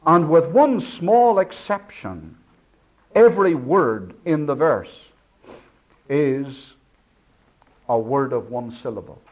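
A man preaching an expository sermon, breaking down words slowly and swinging from booming to hushed. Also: big pitch swings.

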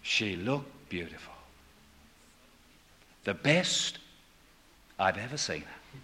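An older man preaching a sermon, dropping to a hush and then rising to loud proclamation. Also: lowish voice, big pitch swings, slow. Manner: swings between hushed and loud proclaiming.

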